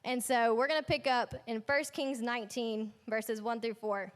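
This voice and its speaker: A woman's voice: on the high side, steady tone, normal speed. A young woman leading a youth ministry, preaching a casual sermon in a chatty, slangy storytelling way with playful asides. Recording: echoey hall.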